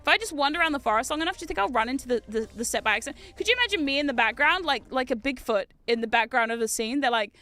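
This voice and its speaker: A woman's voice: sits high, animated, rapid-fire, few pauses, bright, forceful tone, faint music behind. A woman from New Zealand with a New Zealand accent, chatting casually and playfully with her viewers while she streams a game. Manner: playful, giggly, talks to chat. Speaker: VTuber streamer. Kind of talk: casual chat while gaming.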